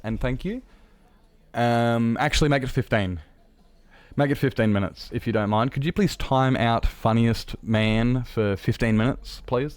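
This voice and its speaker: A man chatting casually on a live game stream, rambling and joking, with sudden high, excited greetings.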